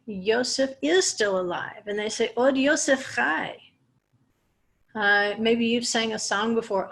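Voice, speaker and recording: A woman's voice: fairly high pitch, gravelly, fairly bright tone. A woman teaching a Torah portion lesson, explaining Hebrew words step by step with small restarts. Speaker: Bible teacher.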